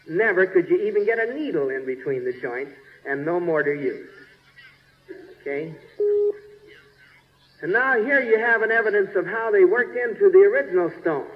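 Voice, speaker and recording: A man, a church bishop, narrating a slide show in a folksy, chatty way, checking in with his listeners and groping for place names. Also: high-pitched. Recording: dull 1970s recording with long reverb.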